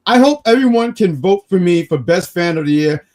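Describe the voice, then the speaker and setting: Man, co-host, excitable, joking, lively pitch. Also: moderate pace. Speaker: co-host of a wrestling review show. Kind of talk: casual show review chat.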